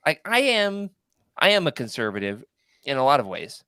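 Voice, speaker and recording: An animated man hosts a casual podcast discussion, his pitch swinging widely as he makes his points. The sound is dry and close, with no room around it. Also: normal speed, clean tone, no room sound. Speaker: podcast host. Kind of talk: casual roundtable chat.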